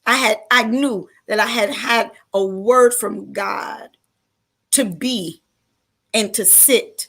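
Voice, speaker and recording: Fervent high-voiced woman testifying. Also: takes it slowly, gravelly, a bit bright. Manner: fervent, preacherly, repetitive, emphatic. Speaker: faith leader, panel guest. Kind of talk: personal testimony turning into preaching.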